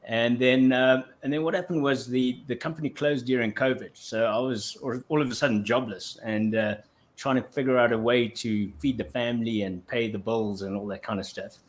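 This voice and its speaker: A South African man, a guest actor on a casual interview show, tells his story with a mid-range voice, fairly even intonation, and moderate pace. His telling rambles and keeps restarting.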